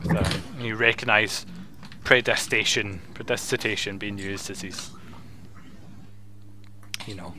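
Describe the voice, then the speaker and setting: A man's voice: on the low side, steady tone, measured pace, pauses often, noisy background. A man narrating a tabletop game as game master, casual and stumbling, often repeating words.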